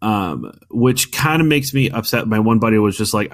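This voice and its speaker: A man's voice: fairly low pitch, brisk, hardly any pauses. A man co-hosting a casual gaming podcast, rambling with many restarts and arguing his opinions firmly. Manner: opinionated, argumentative. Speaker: podcast co-host.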